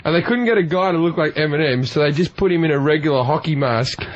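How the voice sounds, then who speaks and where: A man's voice: on the high side, quick pace, muffled recording. An Australian man, a comedian guest on a radio show, telling crude comic stories and laughing at his own punchlines. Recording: radio studio with faint hiss.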